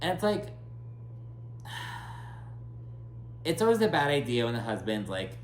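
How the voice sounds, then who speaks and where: A man talks through a reality TV episode in casual recap mode, blunt and profane, packed with fillers. His voice sits at an ordinary middle pitch. The room around him is noticeably echoey. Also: big pitch swings, fast, slight background noise. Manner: chatty and blunt, heavy filler and profanity, acts out cast members in quotes.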